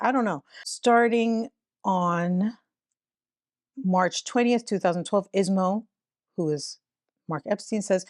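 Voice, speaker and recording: A woman's voice: medium pitch, slow pace, long pauses, darkish tone, no room sound, studio quality. A woman giving casual commentary as a YouTuber, full of sarcastic, incredulous asides.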